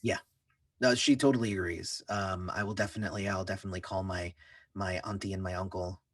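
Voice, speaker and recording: A man game master narrating a tabletop game in a relaxed, filler-heavy way, often chuckling. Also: deep voice, a little fast, breathy edge, dry recording, clean studio sound, far from the mic.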